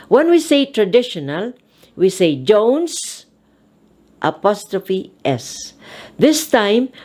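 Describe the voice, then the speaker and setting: A woman teaching an English grammar lesson, spelling out words letter by letter and repeating each example slowly and deliberately. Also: medium pitch, darkish tone.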